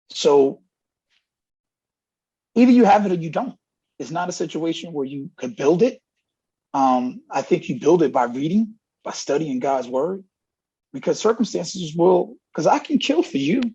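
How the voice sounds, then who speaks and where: With a fairly high pitch, big swings, a slightly slow pace and frequent pauses, this middle-aged man's voice is mellow and husky. He is a college running backs coach giving a candid interview, earnestly telling stories with much acted-out dialogue, in dull lo-fi audio.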